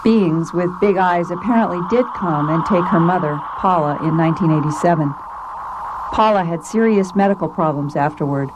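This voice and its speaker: A woman narrating a documentary from a script in a measured, informative way. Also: on the low side, dull audio. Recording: noisy old TV documentary audio.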